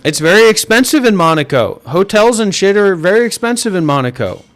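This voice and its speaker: High-voiced man scolding in voice chat. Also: big pitch swings, brisk, fairly bright tone. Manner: profane, scolding, repetitive. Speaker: voice chat host and streamer. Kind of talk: livestream rant. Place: online voice chat.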